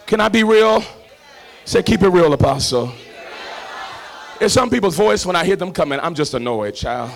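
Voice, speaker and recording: A man preaching a sermon as pastor, swinging between shouted, sung-out lines and quiet, close talk, with a Black lilt. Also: high voice, animated, moderate pace, gravelly, long pauses.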